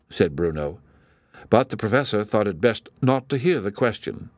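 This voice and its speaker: A man reading a storybook aloud as narrator in an expressive, measured way. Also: low voice, no echo, studio quality.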